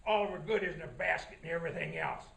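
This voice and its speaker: The big bad wolf in a very deep, slow drawl, sly and hungry in a told-aloud fairy tale. The voice sounds set back from the mic, in an echoey room. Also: male voice, big pitch swings, creaky, a bit bright, heavily acted. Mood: greedy. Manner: slow, growling, drawn-out.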